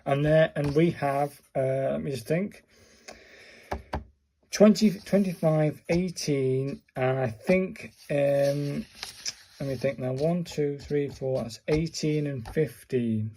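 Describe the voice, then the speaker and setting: Slow, mellow-voiced man thinking aloud. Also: medium pitch, steady tone, a little hiss or hum. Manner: muttering to himself while counting and searching. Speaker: vlogger learning Japanese writing. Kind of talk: casual thinking-aloud tutorial chat.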